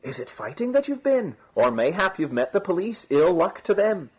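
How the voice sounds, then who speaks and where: Man doing a sly young trickster, high and wheedling, husky, kinda dull audio. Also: sing-song, normal speed, a little mellow, exaggerated voice. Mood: innocent, mocking. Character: sly young Irish rogue, quick-tongued trickster. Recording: dull lo-fi recording.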